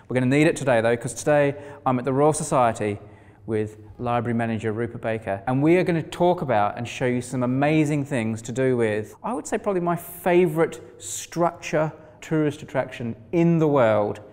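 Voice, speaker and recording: A man's voice: mid-range voice, brisk, a little mellow. A man hosting an interview, asking curious, enthusiastic questions in a casual way. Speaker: host. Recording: roomy hall reverb.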